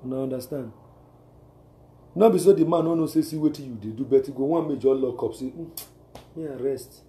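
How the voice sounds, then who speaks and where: A man with a Nigerian accent and a medium-pitched, warm voice speaks quickly in a roomy space. He gives preachy, repetitive, exhortative advice, full of rhetorical questions, often asking listeners whether they understand.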